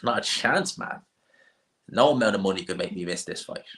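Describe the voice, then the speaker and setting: A man's voice: sits low, animated, normal speed, a bit bright. A man hosting a boxing live stream, blunt and opinionated, rambling casually. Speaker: boxing channel host.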